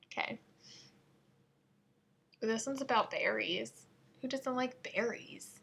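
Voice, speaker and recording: Woman, podcast host, casual solo chat, slightly high, husky. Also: big pitch swings, measured pace, pauses often, pushed and bright. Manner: giggly, playful, self-mocking.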